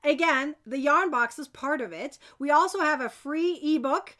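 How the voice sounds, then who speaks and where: A woman hosting a live crochet giveaway stream, chatting to viewers and cheering on winners. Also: sits high. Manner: bubbly, cheering, quick bursts of excitement. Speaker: crochet channel host running a giveaway.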